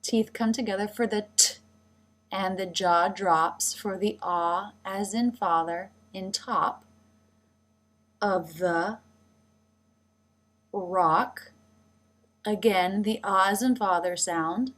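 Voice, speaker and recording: This woman's medium-pitched voice is fairly bright and a little slow as she narrates a scripted pronunciation lesson. As the teacher, she carefully models every sound.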